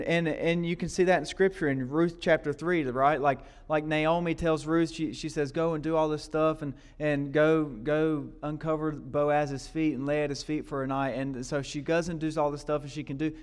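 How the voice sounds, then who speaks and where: A man's voice: on the high side, fairly even intonation, normal speed, hardly any pauses, clean tone. A man preaching a sermon to a congregation in a loose, conversational way. He often adds "right?" to his lines and repeats his words. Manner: questions and prompts the congregation. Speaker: guest preacher. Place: church service before a congregation.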